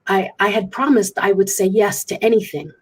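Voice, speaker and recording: Husky woman telling her story earnestly. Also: mid-range voice, brisk. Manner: earnest, candid storytelling with restarts. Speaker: guest speaker. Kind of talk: interview storytelling.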